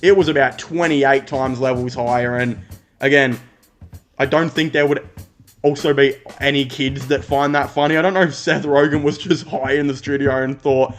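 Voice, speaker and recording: An Australian man giving a casual, rambling movie review, blunt and quick to swear. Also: medium pitch, steady tone, soft background music.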